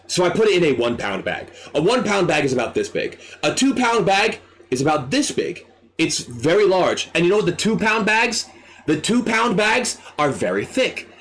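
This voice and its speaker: A young man tells a story casually, his voice climbing and falling with lively energy. He sits a little high in pitch for a man and acts out what people said. He swears freely. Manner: animated, excitable, swears freely, acts out quotes. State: dry throat. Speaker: streamer.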